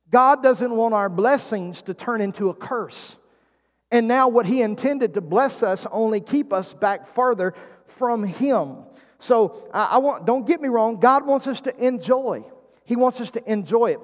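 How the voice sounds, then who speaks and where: A man preaching a sermon as pastor, drawing the congregation in with calls and questions. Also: high voice. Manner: preaching with call-and-response prompts. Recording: long hall reverb.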